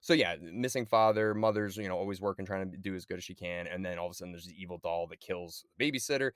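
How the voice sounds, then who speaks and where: A man's voice: quick pace, clean tone, no room sound, clean studio sound. A man co-hosting a podcast, chatting casually about a horror movie and acting out its lines. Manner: animated, acts out movie lines in high yelps. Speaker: podcast co-host.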